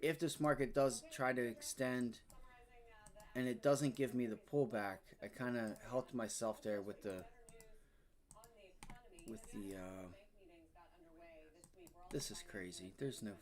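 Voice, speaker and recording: A man's voice: mid-range voice, steady tone, slow, long pauses. A man hosting a live day-trading stream, frustrated and swearing, muttering to himself as he talks to viewers. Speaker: day trading livestream host.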